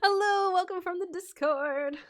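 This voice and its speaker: A woman's voice: very high-pitched, moderate pace, fairly bright tone. A woman hosting a casual livestream and reading viewer names aloud from chat. She giggles often, gets distracted and stumbles over names as she scrolls. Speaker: livestream host and storytelling bard.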